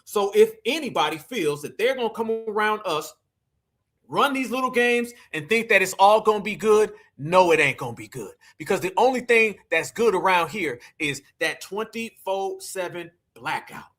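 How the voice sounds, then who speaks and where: Man, livestream host, high bright voice, emphatic, repetitive, preachy. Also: animated, normal speed. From United States. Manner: emphatic and repetitive, calls listeners "fam"; preachy, addresses the audience directly. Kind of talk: livestream commentary.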